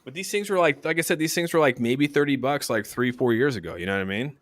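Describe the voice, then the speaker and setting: A man hosting a casual podcast, launching into profane, animated rants. His pitch sits right in the middle for a man. The sound is dry and close, with no room echo. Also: quick pace. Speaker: podcast host. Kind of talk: casual chat.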